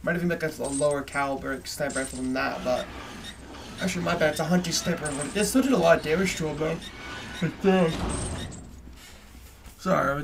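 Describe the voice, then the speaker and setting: A young man giving profane commentary over a game, swearing constantly and yelling when startled. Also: fairly high pitch. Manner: swears constantly, yells when startled, rambling asides to viewers. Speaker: gameplay streamer. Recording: distant mic with clear background noise.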